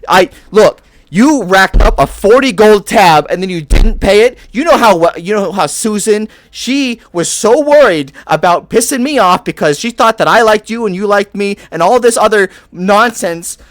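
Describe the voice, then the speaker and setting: A man's voice: high-pitched, no echo, pitched above the performer's own voice. A fussy halfling barkeep woman, put on by a man with a Boston accent, rattling off a scolding rant in a slightly raised voice. The sound is close and dry, with no room around it.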